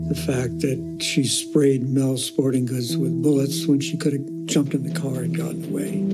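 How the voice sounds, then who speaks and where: A man giving measured, reflective commentary in a documentary interview. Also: mid-range voice, rough recording.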